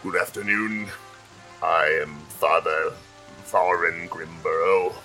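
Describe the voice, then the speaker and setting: A man voicing a male priest who leads a funeral with a slow, formal liturgical delivery, in a tabletop game. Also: low voice, fairly even intonation, bright, forceful tone, faint music behind, pitched below the performer's own voice, full character voice, poor audio. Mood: solemn.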